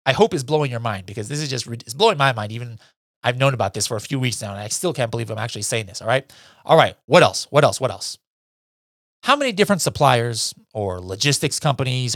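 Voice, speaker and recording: A man's voice: mid-range voice, fairly bright tone, dry recording, studio quality. A man hosting a podcast, announcing new features in an enthusiastic, chatty way with many "all right"s and "guys". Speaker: podcast host.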